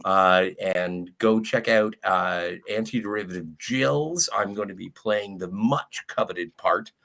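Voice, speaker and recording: Low bright-voiced rambling man. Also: takes it slowly, gravelly. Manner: rambling, jokey, cheeky. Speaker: guest. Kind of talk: casual chat.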